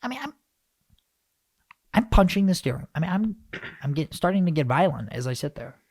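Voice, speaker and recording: A man hosting a podcast, rambling and animated as he rants, with lots of restarts. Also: on the high side, normal speed, vocal fry, breathy edge, dry recording, clean studio sound. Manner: animated, rambling, self-interrupting. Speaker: podcast host. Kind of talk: casual podcast rant.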